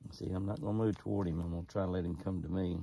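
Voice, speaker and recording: A man's voice: low voice, fairly even intonation, very fast, creaky, dark tone, breathy edge. A man narrating casually outdoors while feeding deer, folksy and coaxing them closer in a sing-song call. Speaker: ranch owner and show host.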